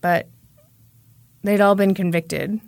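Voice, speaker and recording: A woman's voice: medium pitch, steady tone, takes it slowly, creaky, no room sound. A woman hosting a podcast, telling a true crime story in a conversational way with wry asides. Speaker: podcast host.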